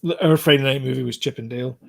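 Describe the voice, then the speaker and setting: A man's voice: mid-range voice, very fast, vocal fry, a bit bright. A man co-hosting a casual podcast, talking about TV shows in a rambling way, with lots of fillers and restarts. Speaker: podcast co-host.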